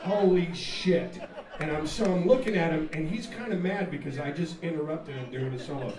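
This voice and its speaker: A man, a rock singer, telling a profane, animated story between songs at a live music venue, laughing and acting out the scene. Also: on the high side, fairly quick. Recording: echoey live room, mic far off, loud crowd.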